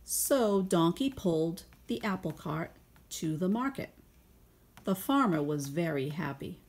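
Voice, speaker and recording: Reading a picture book to young children at home via video, a woman teacher uses a fairly low, animated, unhurried voice. She patiently talks through her thinking and poses gentle questions to guide them.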